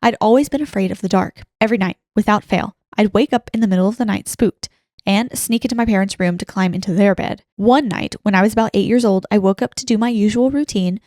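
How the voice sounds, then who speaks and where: A woman's voice: medium pitch, fast talker, darkish tone, dry recording, studio quality. A woman co-hosting a paranormal podcast, reading listener stories aloud and chatting casually, often giggling. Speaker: podcast co-host.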